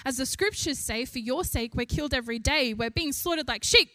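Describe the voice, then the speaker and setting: A young woman preaching a sermon in an animated way, lifting her voice to stress each point. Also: high-pitched, moderate pace, hardly any pauses, dry recording. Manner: animated, rising with emphasis, laughs between points.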